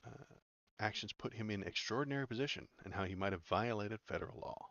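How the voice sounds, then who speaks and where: A man with a very low, gravelly voice talks through the news in a sarcastic, rambling way, full of hesitations. The sound is dry and a little dull, like a lo-fi home mic. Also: fast talker, fairly bright tone, dry recording. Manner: sarcastic, rambling, many "uh" fillers. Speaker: political commentary streamer. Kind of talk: casual commentary reading news aloud.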